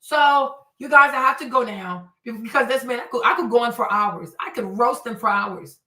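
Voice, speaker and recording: A bright-voiced woman hosts a celebrity commentary show, animated and exasperated as she roasts her targets and drops in Spanish phrases. Her voice sits a little high. The sound is roomy and heard from a bit away from the mic. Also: normal speed, recorded from a distance.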